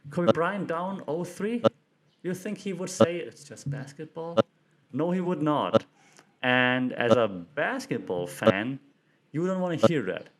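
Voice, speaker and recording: A man hosting a casual commentary monologue, animated and chatty, with lots of filler words and restarts. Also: a little high, unhurried. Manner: acts out quotes in playful voices. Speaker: podcast host; media professional.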